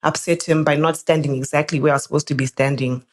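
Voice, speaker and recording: Animated woman telling a story. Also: fast. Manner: animated, jumps up in pitch when quoting people. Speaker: podcast guest. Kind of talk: casual storytelling.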